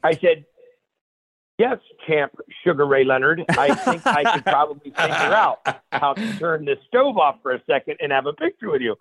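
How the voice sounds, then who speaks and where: A male guest chef telling animated stories on a radio show, full of restarts and repeated phrases. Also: on the high side, moderate pace, slightly rough, no room sound. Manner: energetic, repeats and restarts phrases, acts out quotes. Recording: tinny phone line, dry.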